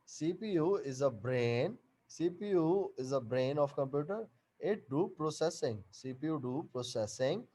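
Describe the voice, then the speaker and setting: A man teaching an online class over a video call, explaining slowly and repeating each point and question. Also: on the high side, darkish tone.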